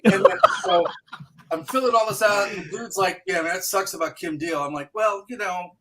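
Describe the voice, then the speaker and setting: A man's voice: high voice, lively intonation, brisk, a bit bright, a little hiss or hum. A man co-hosting a casual podcast, rambling through a funny anecdote with swearing and quoted voices. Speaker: podcast co-host. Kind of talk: casual chat, storytelling.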